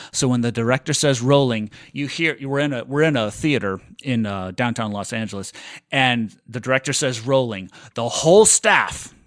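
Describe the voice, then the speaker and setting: A man co-hosting a podcast, telling a long rambling story in a self-mocking, animated way. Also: mid-range voice, dry recording, studio quality. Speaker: podcast co-host. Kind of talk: casual storytelling chat.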